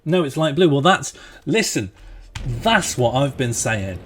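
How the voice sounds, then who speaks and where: A man's voice: mid-range voice, sing-song, a little slow, fairly bright tone, husky. A young man hosting a casual game livestream, joking and laughing as he rattles off long lists. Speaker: streamer playing a strategy game.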